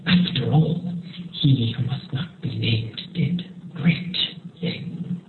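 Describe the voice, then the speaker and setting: A man from Seattle voicing an eerie old male wandmaker, slow and hushed. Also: mid-range voice, reverberant, close to an everyday voice. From Seattle, USA. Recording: tinny noisy phone line.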